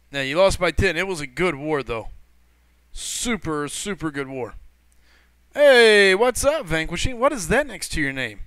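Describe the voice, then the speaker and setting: A man hosting a gaming livestream chats casually, greeting viewers and reading chat messages aloud in a loose, rambling way full of fillers, stumbles, and self-corrections. His bright, forceful voice sits slightly high and sounds smooth and crisp in a dry recording.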